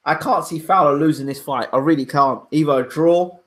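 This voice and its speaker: Speaking fairly quickly in a voice on the high side, a boxing pundit who hosts his own channel delivers casual live commentary. He is opinionated and forceful, hammering the same points again and again, recorded as audio only on a home mic.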